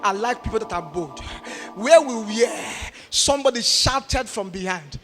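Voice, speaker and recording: High-pitched Nigerian preacher telling a story. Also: male voice, a little slow. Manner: animated, shifting between shouts and murmurs. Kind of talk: sermon storytelling. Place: church hall. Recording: reverberant church hall with faint music.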